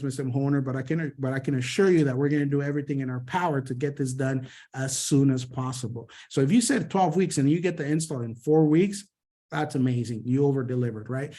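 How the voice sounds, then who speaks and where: A man giving an energetic sales training on a video call, talking quickly and punctuating points with "right?" and "boom". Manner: energetic, repeats "right?" and "boom", rapid delivery.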